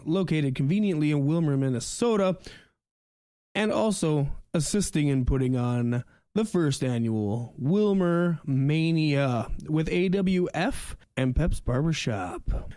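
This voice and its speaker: A man's voice: a little high, warm tone, no echo, studio quality. Man co-hosting with joking banter. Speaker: podcast co-host. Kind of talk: casual chat and sponsor reads.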